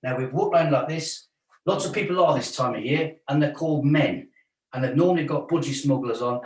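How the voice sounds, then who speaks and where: Man, stretch class instructor, chatty coaching, echoey room, distant mic. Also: medium pitch. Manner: chatty, jokey coaching with counted holds. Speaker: fitness instructor. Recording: roomy sound from a distance.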